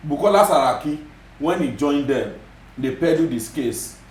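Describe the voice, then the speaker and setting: This guest commentator on a TV studio interview has a Nigerian Yoruba accent, a high-leaning voice with lively intonation, and a darkish tone at a moderate pace. The sound is roomy, and he drives his points home emphatically, repeating them and slipping in Yoruba phrases.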